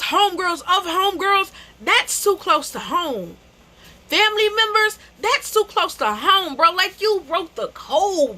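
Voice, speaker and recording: Speaking to camera, a young adult woman vlogger tells an animated storytime, emphatic and slangy, repeating phrases and calling people "bro." Her voice is very high, bright and forceful.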